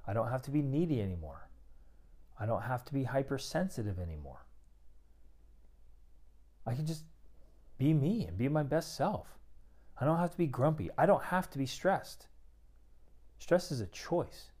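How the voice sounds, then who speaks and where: Emphatic man coaching with a mellow voice. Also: mid-range voice, very animated, moderate pace, pauses often. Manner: emphatic, preachy, acts out inner monologues. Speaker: men's relationship coach. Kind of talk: motivational talk to men.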